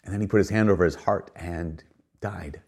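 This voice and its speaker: A man's voice: low voice, steady tone, moderate pace, a little mellow, slightly rough. A man giving a reflective spoken talk, earnest and conversational, with frequent fillers and emphatic rises.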